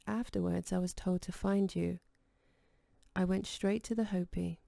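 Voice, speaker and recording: A gentle, quietly insistent man speaks low and mellow, with a gravelly edge to the voice, as a woman narrator reads him. The recording is close and dry, with no room sound. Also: steady tone, unhurried, no room sound.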